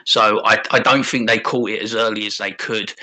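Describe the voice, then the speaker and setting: Bright-voiced South London man chatting. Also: lowish voice, fairly even intonation, normal speed. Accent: South London English. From South London, England. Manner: chatty, opinionated, jokey. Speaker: podcast co-host. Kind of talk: casual chat.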